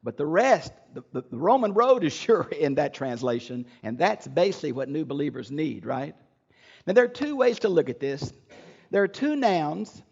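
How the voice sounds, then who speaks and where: Gravelly older man teaching scripture. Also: on the high side, muffled recording. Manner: earnest, emphatic teaching with frequent restarts. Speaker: Bible teacher. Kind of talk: Bible lecture.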